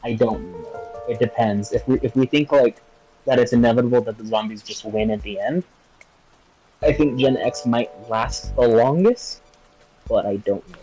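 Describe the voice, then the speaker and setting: A man's voice: medium pitch, normal speed, dark tone, soft background music, low-quality recording. A young man co-hosting a podcast, chatting casually in a hesitant, rambling way full of fillers. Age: young adult. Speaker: podcast co-host. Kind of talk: casual chat.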